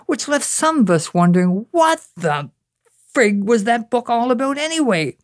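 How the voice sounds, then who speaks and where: A man's voice: extremely high pitch, big pitch swings, moderate pace, no echo, clean studio sound. A man from Newfoundland with a Newfoundland accent, telling a story and then reciting a rhyming spoken-word poem with a rhythmic, dramatic delivery. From Newfoundland, Canada. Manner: rhythmic, dramatic recital with rising, exclaiming lines.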